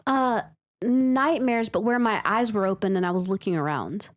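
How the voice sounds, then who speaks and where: A woman's voice: medium pitch, normal speed. A woman co-hosting a podcast, chatting casually and telling stories with lots of fillers and laughs. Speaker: podcast co-host. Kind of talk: casual chat about a listener's story.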